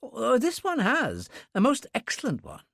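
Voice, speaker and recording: A man's voice: extremely high pitch, wildly swooping pitch, unhurried, gravelly, no echo, clean studio sound, pitched above the performer's own voice, heavily acted. A man voicing an eager, studious young male bookshop assistant who speaks in an earnest, gushing way.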